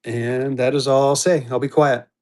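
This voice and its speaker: A live online auction host speaks in a mid-range, darkish voice with little pitch movement and a moderate pace. He rambles chattily, restarts often, and talks straight to his viewers, using their names.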